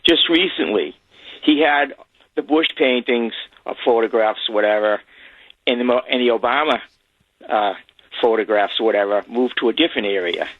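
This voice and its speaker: Cynical caller on a tinny phone line. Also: male voice, mid-range voice, moderate pace, no echo. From Massachusetts. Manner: rambling, cynical. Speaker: radio show caller. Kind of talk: call-in commentary.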